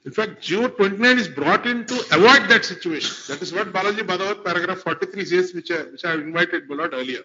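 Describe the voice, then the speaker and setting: Indian male advocate, high-pitched, courtroom argument, dull lo-fi recording. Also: animated, fast, few pauses, bright, forceful tone. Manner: formal, addresses the bench as my lord throughout. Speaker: advocate arguing before a court. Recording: lo-fi courtroom livestream audio.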